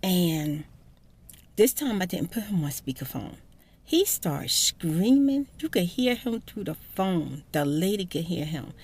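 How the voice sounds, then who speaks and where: A woman's voice: fairly low pitch, very animated, unhurried, a little mellow, breathy edge. A woman hosting a casual ASMR storytime, chatty and emphatic, sometimes sinking to a whisper. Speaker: ASMR channel host.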